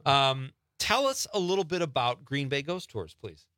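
Man, radio host, chatty, upbeat, bright tone, dry studio. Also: medium pitch, lively intonation, dry recording. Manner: chatty, upbeat, quick follow-up questions. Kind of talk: casual talk radio chat.

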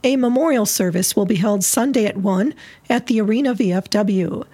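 A woman announcer on local radio, reading the weather and obituaries at a steady, measured pace. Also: medium pitch, slightly rough.

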